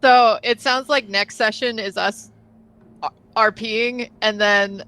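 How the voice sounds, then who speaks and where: A woman's voice: fairly high pitch, steady tone, measured pace, pushed and bright, soft background music, low-quality recording. A woman playing in a tabletop game, chatting casually and playfully. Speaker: player.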